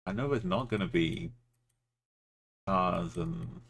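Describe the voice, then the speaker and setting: A man's voice: deep voice, slow pace, vocal fry, a bit bright, slightly rough. A man streaming a geography game, musing aloud in short, offhand remarks as he plays. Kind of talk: casual commentary while playing.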